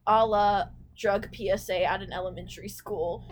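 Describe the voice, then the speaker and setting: A woman's voice: mid-range voice, fairly even intonation, moderate pace. A woman from Georgia playing a tabletop game, sassy and teasing, laughing often. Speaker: player. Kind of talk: casual tabletop game chat.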